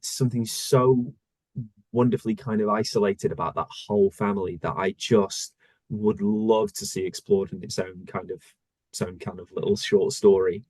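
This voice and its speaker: A male voice actor talking casually in an interview, thoughtful and searching for words with many pauses. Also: lowish voice, steady tone, a little mellow, no room sound. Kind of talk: casual conversation.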